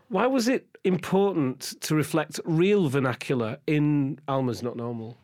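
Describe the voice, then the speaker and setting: A man's voice: fairly high pitch, measured pace, a little mellow. Thoughtful male radio host. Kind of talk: radio interview.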